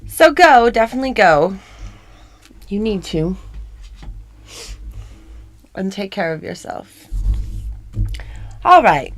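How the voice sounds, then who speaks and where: A woman's voice: mid-range voice, sing-song, slow, pauses often, faint music behind. A woman doing a live comedy tarot reading in character as a demon, teasing and playful as she improvises. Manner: playful, teasing, giggly, slides into mock-villain boasts.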